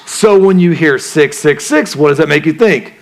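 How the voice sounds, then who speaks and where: A male pastor delivers a sermon in a conversational style, his voice sitting a little on the high side for a man. He keeps throwing questions to the congregation and slips casual slang and jokes into his teaching. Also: animated, normal speed.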